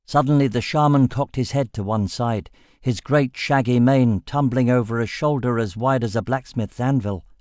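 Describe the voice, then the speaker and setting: A man narrating a fantasy audiobook in a steady, measured storytelling voice. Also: mid-range voice, no echo, clean studio sound.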